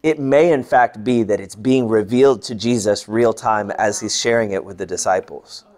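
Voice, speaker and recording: A man teaching a bible class, earnest and lively, voicing the people he quotes and dropping to a hush for tender moments. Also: on the low side, normal speed. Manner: earnest, animated when quoting, softening to hushed. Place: large room or hall.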